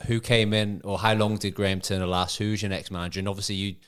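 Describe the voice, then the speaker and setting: A podcast co-host. His voice is very deep, and he puts his questions quickly to steer the chat along. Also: flat delivery, a bit bright, clear, resonant tone. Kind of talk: casual podcast interview.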